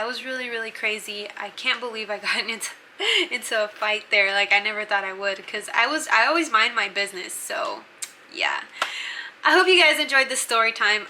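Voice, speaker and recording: A woman's voice: fairly high pitch, sharp tone, slight background noise, low-quality recording. A young woman telling a story to her channel in a casual, chatty way, swearing freely and using plenty of fillers. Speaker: vlogger.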